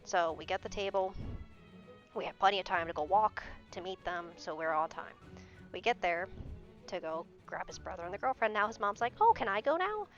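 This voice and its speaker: Young woman, lowish voice, swearing exasperated storyteller on a dull lo-fi stream mic with faint music underneath. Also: moderate pace, fairly bright tone. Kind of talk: casual storytelling. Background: faint background music.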